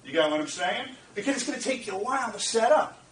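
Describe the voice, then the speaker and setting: A man telling a lively story to a lecture audience, laughing, repeating phrases and checking in with the listeners. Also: high-pitched, quick pace, slight background noise. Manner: animated, laughing, repeats phrases, asks the audience "you get what I'm saying?". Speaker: speaker at a lecture event. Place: lecture room. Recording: roomy, distant from the mic, faint ambience.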